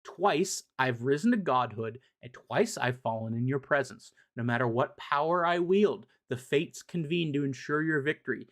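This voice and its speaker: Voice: mid-range voice, lively intonation, moderate pace, hardly any pauses, close to an everyday voice. A haughty immortal villain, read by a streamer. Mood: menacing. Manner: formal, haughty phrasing. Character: scheming immortal male villain, patient and spiteful.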